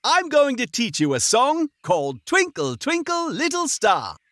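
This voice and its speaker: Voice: sits high, huge pitch swings, measured pace, a bit bright, no room sound, heavily acted. A performer voicing a friendly frog song leader who teaches a children's sing-along. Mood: cheery. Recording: guitar music behind.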